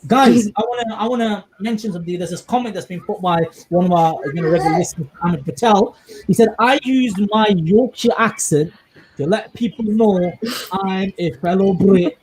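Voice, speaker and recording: With a high voice and moderate pace, a podcast host from England leads a relaxed discussion. He speaks animatedly and with emphasis, frequently asking his listeners "you understand?"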